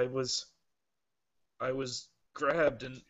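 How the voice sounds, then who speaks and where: A man narrating a tabletop role-playing game as game master, halting with many fillers. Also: mid-range voice, flat delivery, lo-fi sound.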